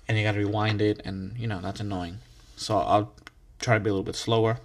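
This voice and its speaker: A man's voice: on the low side, level tone, quick pace. A man hosting his own podcast in a casual, rambling solo monologue, restarting words and swearing freely, hyped up on coffee. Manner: laid-back, swears casually. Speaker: podcast host.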